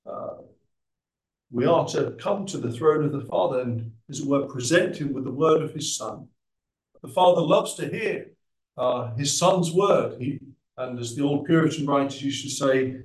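A man preaching a sermon, measured and emphatic, with frequent hesitant fillers. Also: a little high. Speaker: visiting preacher. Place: church in central London. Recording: roomy, distant church recording.

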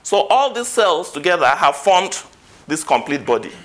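A man's voice: a little high, big pitch swings, normal speed, fairly bright tone. A man preaching a sermon, quoting scripture and rising to emphatic peaks.

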